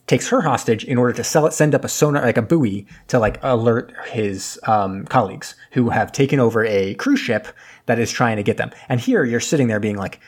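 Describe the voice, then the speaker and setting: This man rambles through a movie plot recap on a podcast, leaning on fillers and losing his thread. His medium-pitched voice is animated, slightly rough and fairly quick.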